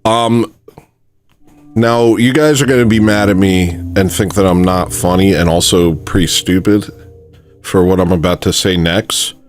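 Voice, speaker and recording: A man's voice: low-pitched, fairly even intonation, measured pace, faint music behind. A man hosting a livestream, casually rambling through jokes and putting himself down. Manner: rambling, self-deprecating, drops into mumbles. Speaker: livestream host. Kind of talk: casual chat, trying out jokes.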